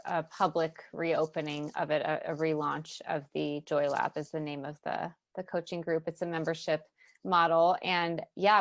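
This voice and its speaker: Woman coach guesting on a podcast, excited and emotional, dry close sound. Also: on the low side, dry recording. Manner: excited and heartfelt, quick to get emotional. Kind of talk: casual interview chat.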